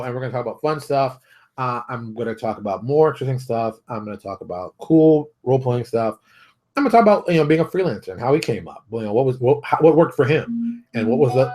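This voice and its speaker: Middle-aged male host, rapid rant-style monologue, emphatic, mid-pitched. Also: animated, a little mellow. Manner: emphatic, rants, repeats phrases, acts out quotes. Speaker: host of a daily tabletop games industry show. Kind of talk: casual solo monologue.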